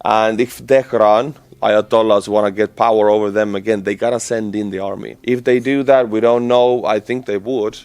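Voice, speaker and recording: A man's voice: on the low side, moderate pace, hardly any pauses. Estonian-accented man giving casual news commentary. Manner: animated, conversational, with frequent fillers and restarts.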